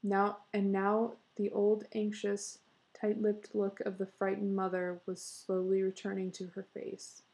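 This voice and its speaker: A woman reads a story aloud in a measured, expressive way. Her voice is mellow and dark, with a gravelly fry. Her delivery is steady and clear, like a storybook reading. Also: medium pitch, poor audio. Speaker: narrator. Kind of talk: storybook narration.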